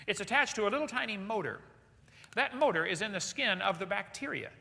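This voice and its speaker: Animated high-voiced man lecturing in a hall. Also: gravelly. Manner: animated, asks the audience questions. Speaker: creationist speaker. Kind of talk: lively seminar lecture. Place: large hall with audience. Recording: echoey hall recording.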